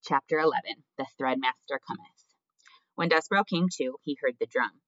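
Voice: medium pitch, normal speed, fairly bright tone, no echo. A narrator reading a storybook aloud expressively, speaking directly to the reader. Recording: dull lo-fi dry recording.

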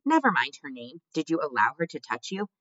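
A man's voice: fairly high pitch, big pitch swings, a little fast, fairly bright tone, no room sound, voice pushed up. A man voicing a stern, formal old male mouse who leads a council, in a storybook reading. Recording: dull dry lo-fi recording.

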